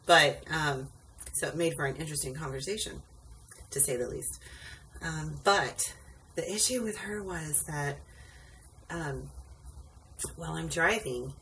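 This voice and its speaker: A woman's voice: deep voice, fairly bright tone. A woman rideshare driver telling a rambling story in a casual vlog, full of ums and asides, tired late at night. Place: indoors at home, sitting on a wobbly stool. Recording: distant mic with faint background noise.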